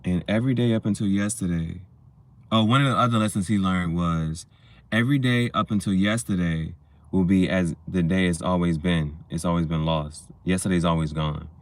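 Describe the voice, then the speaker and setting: A man's voice: sits low, normal speed. A man casually reviewing a movie, rambling through scenes with plenty of swearing and laughter. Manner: rambling, profane, laughs while retelling scenes.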